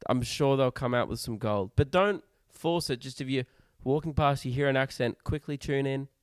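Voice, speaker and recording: A man's voice: mid-range voice, normal speed, smooth, no room sound, clean studio sound. A man co-hosting a podcast, chatting casually and teasing his co-host with jokes. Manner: joking, teasing banter. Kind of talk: casual chat.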